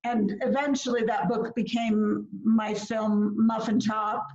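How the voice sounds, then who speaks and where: A Minnesota woman who makes films chats casually as an interview guest, laughing often and using plenty of fillers. Her mid-range voice is flat, slow and a little mellow. The audio is echoey, lo-fi video call sound.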